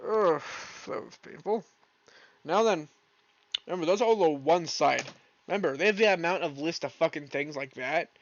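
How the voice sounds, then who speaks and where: A man's voice: on the high side, normal speed. Profane young man on a lo-fi stream. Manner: profane, rambling, bursts into exasperated yelling. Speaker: podcast host. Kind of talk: solo stream chat. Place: home room, alone. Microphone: streaming mic, leaning back from it.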